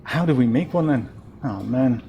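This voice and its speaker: A man's voice: mid-range voice, animated, normal speed, vocal fry, dark tone, highs cut off, a little hiss or hum. A man giving casual, rambling commentary while playing a game, chatting freely and laughing easily. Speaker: game streamer.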